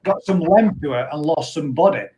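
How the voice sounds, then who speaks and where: A man's voice: fairly high pitch, lively intonation, moderate pace, mellow, a little hiss or hum. A man hosting a casual livestream chat and reading viewer comments aloud. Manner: chatty, reads comments aloud. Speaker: livestream host.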